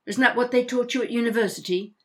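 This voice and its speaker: A woman's voice: a little high, fast, close to an everyday voice. An actress playing a talkative older mother who stumbles over her words when flustered, in an audio drama. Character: chatty older mother, outspoken, quick to apologize.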